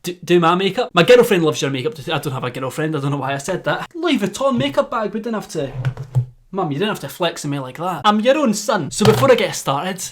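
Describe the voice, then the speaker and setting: A man's voice: fairly high pitch, animated, quick pace. A young Scottish man in his twenties doing a sarcastic commentary vlog, swearing and stumbling over restarts. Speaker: YouTuber.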